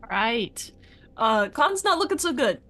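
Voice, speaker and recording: A woman playing her character in an online tabletop game, thinking aloud and trailing off softly as she decides her moves. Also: a little high, big pitch swings, measured pace. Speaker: player.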